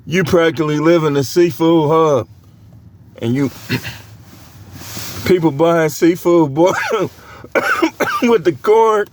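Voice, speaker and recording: A man's voice: a little high, slow pace, pauses often, darkish tone, slight background noise. A man with a cold who coughs now and then, preaching a casual, joking sermon with lots of laughter and slangy banter.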